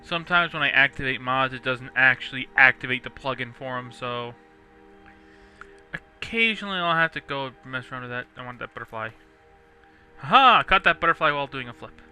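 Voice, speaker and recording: A young man casually rambling through gameplay commentary, chatty and quick to laugh. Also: medium pitch, pushed and bright, clear, resonant tone, soft background music. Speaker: let's play host.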